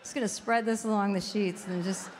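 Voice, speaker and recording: A woman in casual chat telling a story with lively, laugh-filled delivery, acting out the people she quotes. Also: a little fast, big-room sound, a little hiss or hum. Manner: animated, acts out quotes with big pitch jumps and laughter. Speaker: guest.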